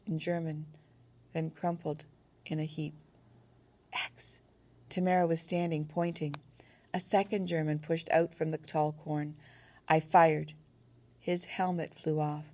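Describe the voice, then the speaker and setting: Low, gravelly woman reading a novel. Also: dark tone. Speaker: audiobook narrator. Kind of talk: first-person novel reading.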